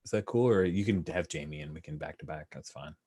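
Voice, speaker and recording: A man acting as game master over an online call, narrating a tabletop baseball game in a relaxed, chatty way with lots of fillers and little sportscaster flourishes. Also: a bass voice, fast talker, a little hiss or hum. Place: online call with screen sharing.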